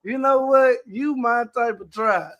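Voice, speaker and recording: A man's voice: very high-pitched, a little slow, noisy background. A man with a Southern US accent joking and teasing on a casual sports talk show. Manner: playful teasing banter.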